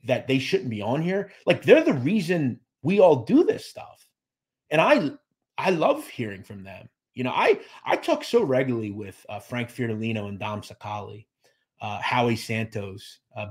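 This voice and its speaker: A man with a mid-range, husky, sing-song voice hosts a podcast livestream at a moderate pace. He chats casually, reading viewer comments from the live chat and thanking people by name, with lots of fillers and restarts.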